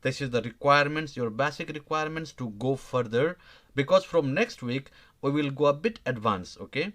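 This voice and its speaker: Man teaching a halting online lesson. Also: mid-range voice, expressive, a bit bright. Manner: halting, many fillers and restarts, checks in with "okay?". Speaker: language teacher. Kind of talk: live online grammar lesson.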